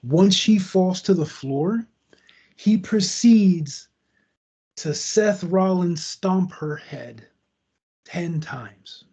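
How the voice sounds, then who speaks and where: On a dull, lo-fi recording, a podcast host walks through a true crime story very slowly, keeping it loose and conversational with asides along the way. For a man, his voice is fairly high, though it has a dark, husky, gravelly quality.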